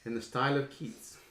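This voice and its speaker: A man's voice: medium pitch, fairly bright tone. Playful man hosting a home quiz, echoey. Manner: playful, reads lyrics in a slow dramatic sing-song. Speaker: quiz host. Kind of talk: live online quiz banter. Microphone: desk microphone. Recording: echoey room.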